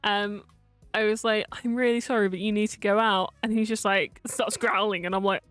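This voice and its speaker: A woman's voice: mid-range voice, fairly even intonation, moderate pace, a bit bright, smooth, soft background music. A woman streaming as a vtuber, telling a casual story in a chatty way, full of fillers, swearing and frequent laughs.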